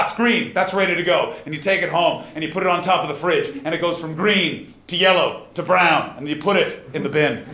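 A man performing a stand-up comedy set live, moving between quiet somber storytelling and loud punchlines. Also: a little high. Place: live comedy venue at a festival. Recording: roomy live venue with audience noise.

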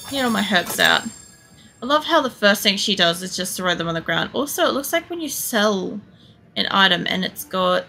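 A woman streamer giving casual, chatty gameplay commentary, swearing freely as she thinks out loud. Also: mid-range voice, creaky. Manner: chatty and profane, thinking aloud. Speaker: game streamer.

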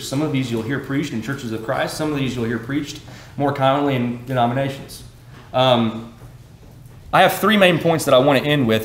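A man's voice: medium pitch, a bit bright, roomy sound. A man preaching a sermon to his congregation in a church, reading scripture aloud with asides and corrections, then talking directly to the listeners in a conversational way. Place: church sanctuary.

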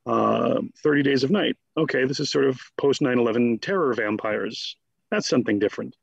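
Male guest scholar, husky, animated and digressive; dry, lo-fi recording. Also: medium pitch, no echo. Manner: animated, digressive, slips into quick mock voices. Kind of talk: conversational interview.

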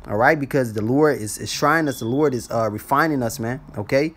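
A man's voice: mid-range voice, a little fast. A man teaching scripture in a casual, blunt street style, ending almost every phrase with "man". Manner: blunt and profane when exhorting.

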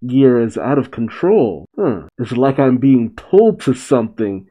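A man reading the lines of an odd, wild young mechanic from a manga in a flat way. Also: medium pitch, a little slow, highs cut off. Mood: puzzled.

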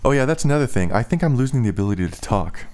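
A man's voice: mid-range voice, expressive, rapid-fire, darkish tone, a little hiss or hum. A young man rambling casually in a vlog, with slightly slurred speech and lots of filler "like"s. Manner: loose, filler-heavy talk with "like". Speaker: musician and vlogger.

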